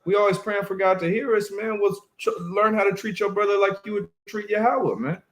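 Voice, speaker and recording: A man's voice: high voice, a little fast. A man leading a casual Bible discussion, emphatic and preachy, who keeps adding "man" to his phrases. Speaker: Bible study leader. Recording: echoey room.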